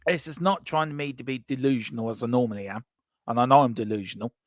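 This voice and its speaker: A man co-hosting a casual fan chat show, reading out comments in an animated, joking way and repeating himself for emphasis. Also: medium pitch, no room sound, clean studio sound. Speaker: co-host of a fan channel show.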